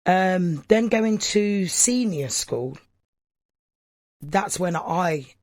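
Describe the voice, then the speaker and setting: A man's voice: sits high, expressive, slow pace, darkish tone, breathy edge, no room sound, studio quality. A man being interviewed for a documentary, recalling his school years thoughtfully as he searches for words.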